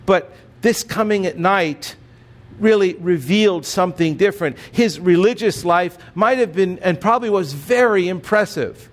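High-voiced man preaching earnestly. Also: moderate pace. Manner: earnest, repeats words when emphasizing. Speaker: pastor. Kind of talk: sermon.

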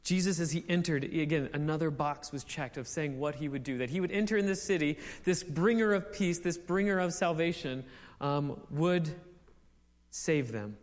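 High-voiced young preacher in a hall. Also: male voice, normal speed. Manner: conversational, many fillers, rising to excited exclamations. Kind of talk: sermon.

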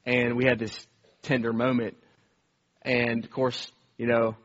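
A man's voice: medium pitch, level tone, unhurried, muffled recording. A man preaching a conversational sermon, telling stories earnestly with frequent restarts and repeated words. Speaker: pastor.

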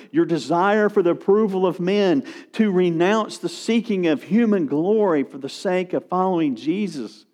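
Guy preaching a sermon, kinda high voice, swings loud and soft for emphasis. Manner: emphatic, rising and falling in pitch and volume. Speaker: pastor.

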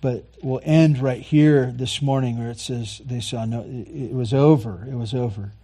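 A man preaching a sermon, earnestly repeating key phrases and moving between quiet, soft lines and louder passages. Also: mid-range voice, steady tone, moderate pace. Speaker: pastor.

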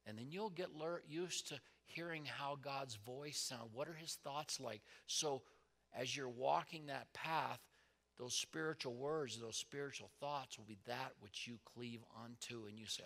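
Male pastor mid-sermon, mid-range gravelly voice, dynamic delivery from hushed to emphatic. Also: mid-range voice, measured pace. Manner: animated preaching, swings from soft asides to loud emphasis.

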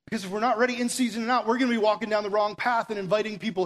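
A man preaching a sermon from a stage, energetic and conversational, full of rhetorical questions and the word "like". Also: high voice, rapid-fire. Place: stage before an audience.

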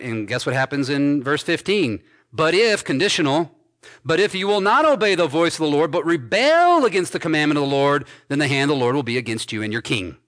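A man pastor preaching an expository sermon, reading scripture aloud and commenting on it with emphatic stresses and quiet endings. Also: on the high side. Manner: emphatic preaching, swinging between loud stresses and dropped soft endings.

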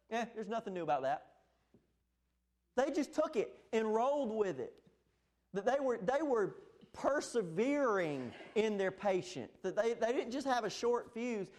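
Man, pastor, sermon, high voice, emphatic delivery, church sanctuary. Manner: emphatic preaching with sharp rises and drops in pitch and volume.

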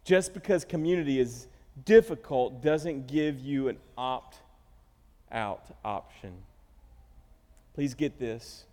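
A man's voice: medium pitch, expressive, takes it slowly, pauses often, mellow. A middle-aged man preaching a sermon as pastor, telling stories animatedly and acting out the quotes. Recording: reverberant church hall.

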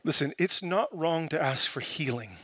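A man preaching a sermon, building from quiet, searching questions to impassioned, emphatic peaks. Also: on the high side, normal speed, husky, no echo. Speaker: pastor.

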